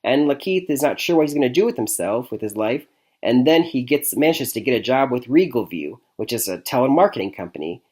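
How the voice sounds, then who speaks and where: A young man from Michigan talks through a movie review in a loose, chatty way. He stumbles, restarts and fills gaps with ums and uhs, and chuckles at his own jokes. His voice sits at an ordinary middle pitch. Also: expressive, a little fast, a little mellow, husky. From Michigan, USA. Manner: chatty, rambling, frequent fillers and restarts, chuckles often. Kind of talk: casual spoken movie review.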